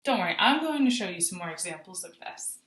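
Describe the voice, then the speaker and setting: A woman teaching a phonics lesson to young children, modeling sounds slowly and clearly for them to echo back. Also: fairly low pitch, animated, a bit bright. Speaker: kindergarten teacher. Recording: roomy echo.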